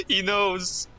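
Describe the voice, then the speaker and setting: A man's voice: sits high, bright, forceful tone. A man playing in a tabletop game, chatting and teasing with casual swearing. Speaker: player.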